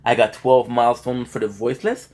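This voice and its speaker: A man's voice: mid-range voice, flat delivery, brisk, dark tone. Tired, joking male gaming streamer. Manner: laid-back, joking banter with chat. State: tired and feeling a bit sick. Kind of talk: casual live-stream chat and game commentary.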